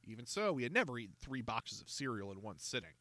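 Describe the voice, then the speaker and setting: Bright, expressive male storyteller. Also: medium pitch, quick pace, no echo. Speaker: narrator. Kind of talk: children's audiobook reading.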